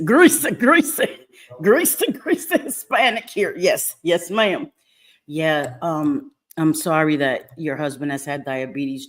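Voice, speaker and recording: A woman with a low voice hosts a live stream and chats casually with her viewers. She greets people warmly by name and laughs often as she talks. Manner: warm, chatty, laughs often. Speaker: livestream host.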